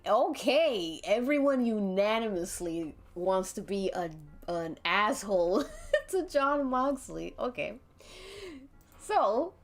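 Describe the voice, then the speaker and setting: Giggly woman streamer telling a story. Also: medium pitch. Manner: giggly, often breaks off laughing and restarts. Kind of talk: live-streamed interactive storytelling with chat.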